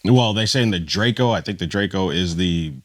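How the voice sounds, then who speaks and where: A man's voice: low voice, fairly quick. A man chatting on a podcast, a little hesitant as he searches for words. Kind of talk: casual chat.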